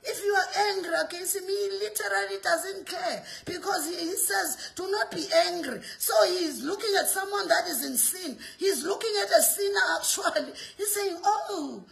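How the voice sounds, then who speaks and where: A woman preacher delivering an impassioned sermon, shouting and repeating her lines with rhetorical questions. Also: extremely high pitch, normal speed, vocal fry, hardly any pauses.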